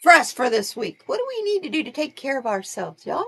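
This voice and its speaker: Woman, live-stream tarot host, chatty and easy to laugh, with a very lively pitch. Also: fairly quick, slightly rough. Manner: chatty, laughs often, greets viewers by name. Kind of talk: casual live-stream chat with viewers.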